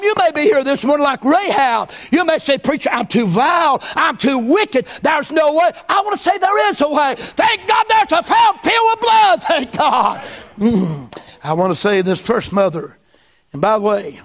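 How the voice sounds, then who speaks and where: A male pastor, telling a story in a sermon in folksy dialect and rising to shouted exclamations. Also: very high-pitched. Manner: folksy Southern dialect grammar.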